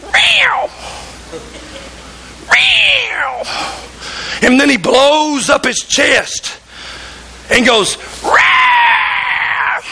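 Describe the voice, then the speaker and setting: High-voiced, fervent preacher man. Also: gravelly, sharp tone, a little hiss or hum, low-quality recording. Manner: fervent preaching, acts out voices in quoted stories. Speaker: pastor. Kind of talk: sermon. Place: church.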